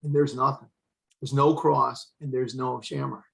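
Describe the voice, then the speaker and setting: A man's voice: mid-range voice, little pitch movement, unhurried, creaky, fairly bright tone, rough recording. An older man, a retired fire chief, telling a personal story as an interview guest, earnest and acting out the dialogue he quotes. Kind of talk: emotional storytelling in conversation.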